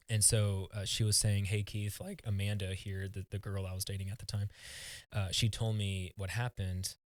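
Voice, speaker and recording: A man with a fairly low voice tells a personal story as a podcast guest, earnest and halting, often restarting his words. The sound is dry and close, with no room around it. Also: dry recording. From United States.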